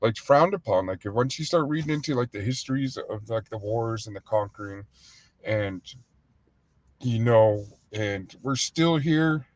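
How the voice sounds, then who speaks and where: A man's voice: medium pitch, lively intonation, a little slow, darkish tone, no echo, dull audio. A man hosting a casual livestream, talking in a loose, rambling and heated way, full of fillers. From United States. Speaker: livestream host and restaurant owner.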